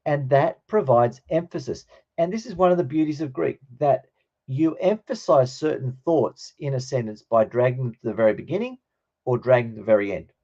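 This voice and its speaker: A man's voice: mid-range voice, animated, normal speed, dark tone, lo-fi sound. A man teaching a Greek grammar class, explaining patiently and checking in with his students.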